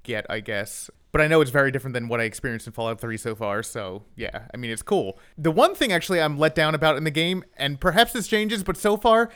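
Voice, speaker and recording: A man's voice: a little high, expressive, quick pace, hardly any pauses, a bit bright, smooth. A man co-hosting a podcast, chatting casually about a video game in an easygoing way with jokes. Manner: easygoing and joking, often laughing. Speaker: podcast co-host. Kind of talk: casual chat.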